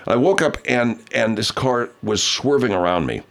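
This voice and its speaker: A man's voice: medium pitch, lively intonation, moderate pace, creaky, fairly bright tone. A man hosting a casual talk show, telling a rambling, profane story with many restarts. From Southern California. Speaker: show host.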